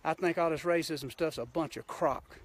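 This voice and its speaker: A man's voice: on the high side, moderate pace. A man from Georgia with a Southern accent, a hunting show host ranting bluntly and folksily on a live stream from a mountain outdoors, filmed on a handheld phone. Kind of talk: impassioned live-stream rant.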